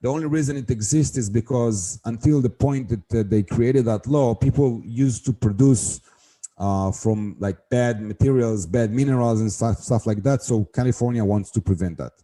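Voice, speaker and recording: A middle-aged man speaks in a warm, darker voice at an ordinary pitch. He is a guest on an interview show, telling a story about wholesale compliance and acting out every exchange in it, then moving into plain advice. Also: moderate pace. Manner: animated storyteller acting out quoted dialogue.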